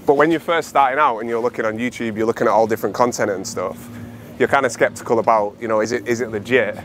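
A young man talking to a handheld camera in a casual travel vlog, excited and chatty, peppered with "like". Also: medium pitch, fast, slight background noise. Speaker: vlogger and online seller. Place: on a street and in a factory.

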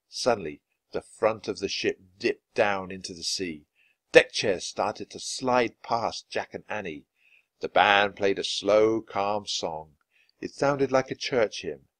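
A man reading a children's book aloud, with expressive, lively narration. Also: on the low side, measured pace, no room sound. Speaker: storyteller.

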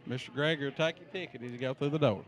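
A man's voice: medium pitch, rapid-fire. A man greeting students at a school entrance outdoors, folksy and joking as he gives friendly instructions. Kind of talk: casual on-camera greeting.

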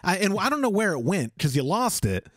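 A man's voice: high voice, sing-song, fairly quick, a bit bright, no echo. Joking man, dry close sound. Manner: joking and teasing, laughs often. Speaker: podcast co-host. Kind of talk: casual podcast chat.

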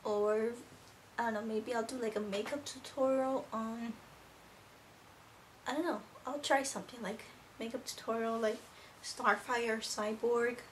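A woman's voice: a little high, fairly even intonation, unhurried, slight background noise. A teenage girl casually reviewing a cartoon episode as a rambling, gushing fan. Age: teens. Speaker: video reviewer.

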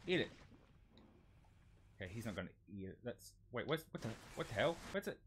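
A man streaming a shooter game, talking through his play in casual commentary and swearing excitedly at the enemies. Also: mid-range voice, a little fast, pauses often, slight background noise. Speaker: VTuber streamer. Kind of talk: live gameplay commentary.

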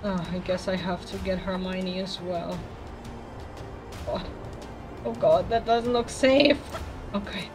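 A woman casually commenting on a video game as she plays, chatty and easily excited, talking to the characters on screen. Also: fairly low pitch, slow, pauses often, over music. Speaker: let's play gamer.

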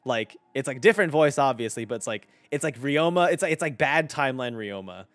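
A man's voice: mid-range voice, expressive, a little fast, a bit bright, dry recording. A young man streaming casually as a voice director. He rambles and swears, with lots of fillers. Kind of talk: casual stream chat while playing.

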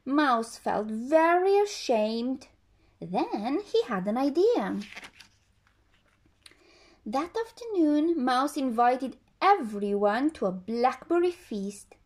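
A woman reading a children's story aloud as a storyteller, slow and expressive with a sing-song delivery. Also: high voice.

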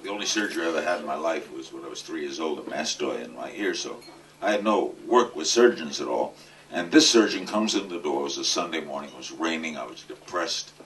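A man's voice: very deep voice, a little fast. Older New man telling jokes. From New York. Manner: deadpan joke-teller with punchline timing. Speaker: guest speaker at a charity event. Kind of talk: comic anecdotal speech. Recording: distant mic with faint noise.

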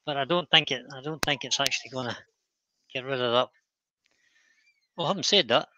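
A man's voice: mid-range voice, brisk, sharp tone, dull audio, a little hiss or hum. A Scottish man hosting a live stream while he works, chatting casually, thinking aloud and picking at his own work. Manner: thinks aloud, self-critical and easygoing. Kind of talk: casual chat while working.

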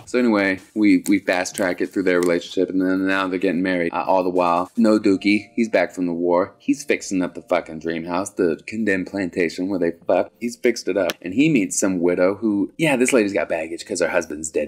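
A man giving a comedic, profane movie rant, sarcastic and animated, jumping into sudden high squeals. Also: a little fast, few pauses. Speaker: movie reviewer.

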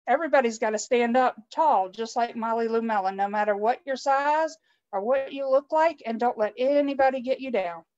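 A woman's voice: on the high side, normal speed, darkish tone. A woman reading a children's picture book aloud, adding chatty asides for her young listeners. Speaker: guest storytime reader. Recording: dull lo-fi online stream audio.

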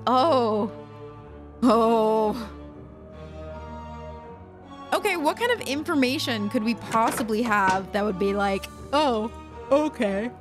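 A woman's voice: on the high side, very animated, slow pace, pauses often. Chatty, sarcastic young woman streamer. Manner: chatty, sarcastic, swears freely. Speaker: let's play streamer. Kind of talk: casual gameplay commentary. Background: game music.

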